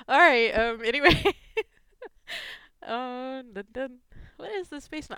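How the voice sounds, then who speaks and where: Giggly, slow-talking woman vlogger. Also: high-pitched, very animated, a bit bright, clean tone, dry recording. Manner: giggly, gushing, emotional. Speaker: fan fiction vlogger. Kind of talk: casual chat reading gifts.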